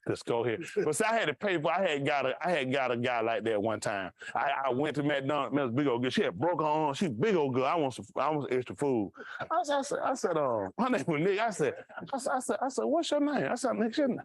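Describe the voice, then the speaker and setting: Man, pastor, high voice, lively storyteller, dry close sound. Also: quick pace, no echo. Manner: animated, acts out voices in his stories. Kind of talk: casual storytelling sermon.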